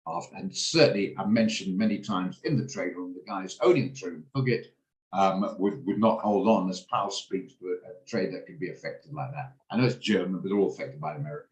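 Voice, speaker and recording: A man's voice: deep voice, a little fast, darkish tone, reverberant, lo-fi sound. A middle-aged man hosting a trading room, talking through trades in a chatty, rambling way with many restarts. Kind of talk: casual live trading commentary. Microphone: video call.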